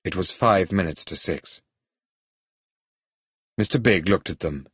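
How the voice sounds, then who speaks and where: A man reads an adventure story aloud in a steady, even way. His voice sits low and is slightly husky. The recording is dry and close to the mic. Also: measured pace, dry recording. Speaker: narrator. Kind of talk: audiobook story reading.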